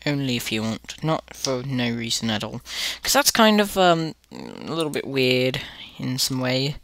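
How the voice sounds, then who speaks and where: A man's voice: mid-range voice, big pitch swings, a little slow, vocal fry, a bit bright, no echo. A man hosting casual gameplay commentary, rambling with lots of fillers while putting on an accent. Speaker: gaming channel host.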